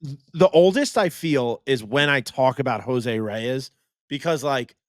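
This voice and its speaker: A young man co-hosting a casual sports chat, an excitable and animated storyteller. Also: mid-range voice, measured pace, no echo, studio quality. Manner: excitable, animated storyteller who slips into impressions. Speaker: co-host.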